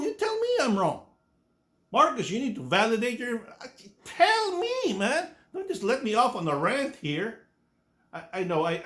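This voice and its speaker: This is a man in his sixties, a YouTube commentator, ranting his opinions at viewers with blunt, liberal swearing and frequent restarts and repetitions. He coughs along the way, and his voice sits high with a fairly bright tone.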